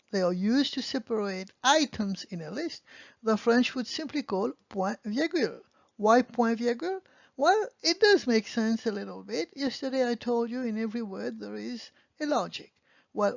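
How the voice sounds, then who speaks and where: A woman with a slightly high, darkish voice gives an online lesson in beginner French grammar. She explains patiently and answers her own questions, on a dull, lo-fi recording that's dry with no room sound.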